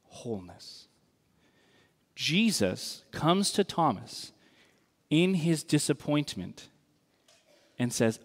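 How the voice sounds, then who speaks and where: A male pastor gives an earnest, wry sermon in a slow, unhurried way. His fairly high voice carries a long reverb from a large church hall. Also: sing-song.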